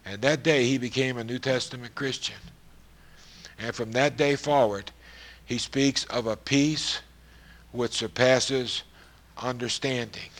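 A man delivering a sermon to his listeners. His voice sits in a middle register and climbs into loud, emphatic stretches, sometimes slowing to stress a point. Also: medium pitch, steady tone. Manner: rising to loud, emphatic passages. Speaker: preacher.

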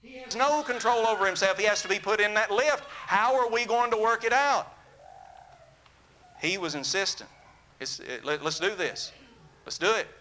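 A man preaching a sermon, telling a story in an earnest, animated way that drops to a soft, intimate tone. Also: sits high.

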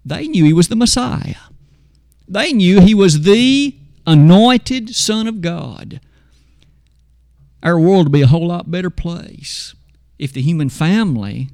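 Higher-voiced man preaching, dry sound. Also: darkish tone, dry recording. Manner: slow, emphatic preaching with dramatic pauses; reads scripture aloud. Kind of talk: sermon.

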